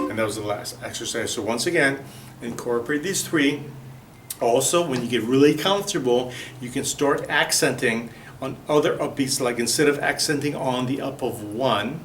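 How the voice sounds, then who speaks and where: A man's voice: medium pitch, normal speed, a bit bright, far from the mic, soft background music. A man teaching a ukulele strum lesson, patiently explaining and counting beats aloud while he plays. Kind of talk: music lesson. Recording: roomy echo from off-mic.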